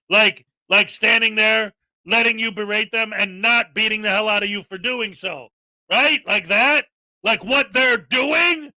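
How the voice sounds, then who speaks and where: A man hosts a commentary video in an exasperated, sarcastic rant. His voice sits very high, with a sharp, piercingly bright edge. He talks like he has run out of patience. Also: unhurried, no echo, rough recording. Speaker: commentary channel host.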